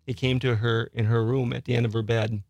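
An older man, a soft-spoken guest in a radio studio, talking quietly and laughing often. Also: medium pitch, flat delivery, brisk, no room sound. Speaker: studio guest, ghost tour guide. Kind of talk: casual interview.

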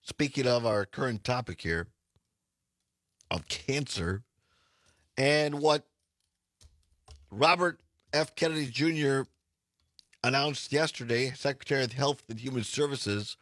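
A male radio talk show host with a hoarse, raspy voice, talking in a casual, halting way with frequent restarts. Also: medium pitch, fairly bright tone, no echo, studio quality.

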